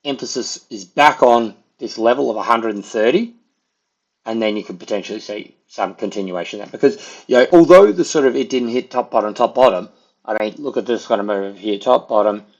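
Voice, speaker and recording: Man, market analyst, chart walkthrough, conversational, mid-pitched, dull lo-fi audio. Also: brisk. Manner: loose and conversational, with filler words.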